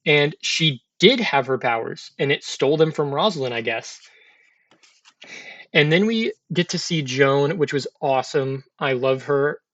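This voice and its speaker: A man's voice: on the high side, measured pace, a bit bright. Chatty man with a dull lo-fi recording. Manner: chatty, filler-heavy, loose retelling. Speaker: TV episode reviewer. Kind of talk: casual episode recap.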